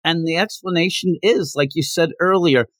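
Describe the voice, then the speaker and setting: A man's voice: fairly high pitch, moderate pace, no room sound. A man hosting a podcast, chatting casually about a manga and retelling it with many restarts. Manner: animated storytelling with many restarts. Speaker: podcast host. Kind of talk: casual manga review chat.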